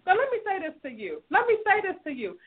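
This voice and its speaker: A high-pitched woman hosts an advice talk show. She lectures a listener with emphatic, sermon-like fervor and her pitch leaps all over the place. The sound is thin and tinny, like a phone line. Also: huge pitch swings, fast, noisy background. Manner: emphatic, scolding, impassioned, sermon-like. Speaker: relationship talk show host.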